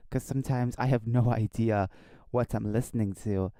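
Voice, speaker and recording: Casual male streamer, smooth, dry close-mic sound, rambling and self-correcting. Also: mid-range voice, steady tone, normal speed, mellow, no room sound. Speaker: live-stream host. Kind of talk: casual live-stream chat and news reading. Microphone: desk microphone.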